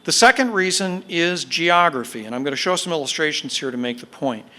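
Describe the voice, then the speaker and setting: A man with a bright, forward voice lectures on military history to an audience. He explains in a measured, deliberate way, leaning on key words and dropping the odd filler as he goes. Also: on the high side, animated. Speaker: guest speaker, military historian. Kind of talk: podcast lecture.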